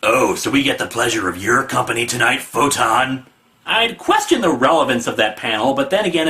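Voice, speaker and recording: A man's voice: mid-range voice, a bit bright. A man hosting a sarcastic comedic comic book review, snarky and mocking.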